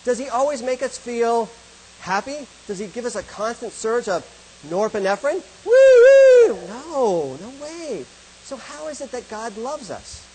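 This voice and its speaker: A man's voice: very high-pitched, lively intonation, moderate pace, background noise. A middle-aged man giving a talk to an audience about love, asking questions and answering them himself. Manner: asks and answers rhetorical questions. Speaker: speaker on love and faith. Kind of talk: presentation to an audience.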